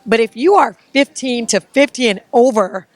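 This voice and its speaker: A woman's voice: fairly high pitch, normal speed, dry recording. A woman interviewing an author in an effusive, gushing way. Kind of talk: casual enthusiastic interview.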